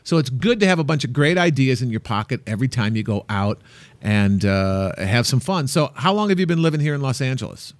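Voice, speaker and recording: A man co-hosting a travel show, chatting casually and telling an animated, playful anecdote. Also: medium pitch, fairly quick, no echo. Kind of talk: casual chat.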